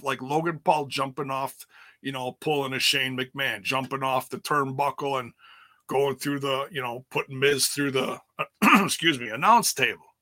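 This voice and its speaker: A man's voice: mid-range voice, bright, forceful tone, no echo, studio quality. A man giving a candid, rambling recap of a wrestling event in casual chat, speaking casually and swearing now and then. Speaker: wrestling commentator.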